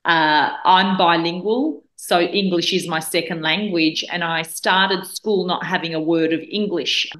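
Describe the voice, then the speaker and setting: A woman's voice: on the low side, fairly even intonation, a little slow, few pauses, a bit bright. A woman in her forties who grew up in Australia, a guest telling a personal story in an earnest way, often restarting her sentences. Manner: earnest, with frequent restarts and fillers. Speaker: guest speaker. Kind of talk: reflective storytelling in conversation. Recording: roomy echo.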